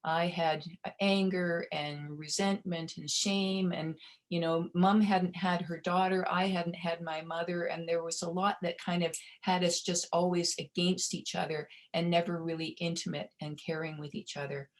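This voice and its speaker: A middle-aged woman presenting a webinar, telling a personal story in a gentle, heartfelt way with small restarts, over a video call. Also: on the low side, little pitch movement, normal speed. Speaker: webinar presenter on provider well-being.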